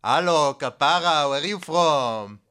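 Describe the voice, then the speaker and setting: A man voicing a pushy male bar flirt with a put-on Israeli accent and loud, drawn-out pickup lines. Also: a little high, animated, smooth, exaggerated voice.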